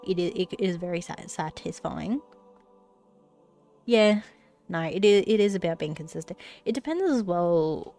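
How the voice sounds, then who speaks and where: A woman's voice: on the low side, expressive, a little slow, mellow, faint music behind. Congested woman streamer chatting. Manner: rambling, swears casually, self-correcting. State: slightly out of breath. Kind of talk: casual live-stream chat.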